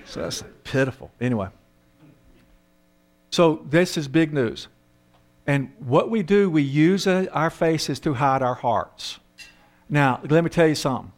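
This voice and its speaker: Animated high-voiced older man counselor. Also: a little slow, pauses often. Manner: animated, self-mocking, acts out voices. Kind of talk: humorous storytelling talk.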